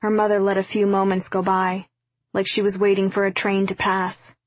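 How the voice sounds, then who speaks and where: A woman reading a novel aloud as narrator, in a quiet, even storytelling delivery. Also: medium pitch, moderate pace, no room sound. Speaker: audiobook narrator. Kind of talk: scripted narration.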